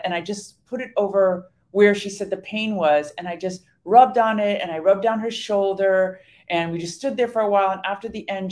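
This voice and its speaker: A middle-aged woman co-hosting a faith podcast, telling a story in lively casual chat and acting out what people said. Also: medium pitch. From Iran. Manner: animated storytelling, acts out quoted speech. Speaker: podcast co-host.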